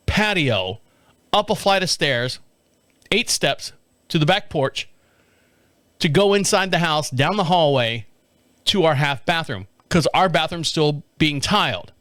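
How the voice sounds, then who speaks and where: Animated storytelling man, lively pitch. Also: no echo, studio quality. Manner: animated, laughs often, swears. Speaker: podcast host. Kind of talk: casual storytelling. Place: home studio.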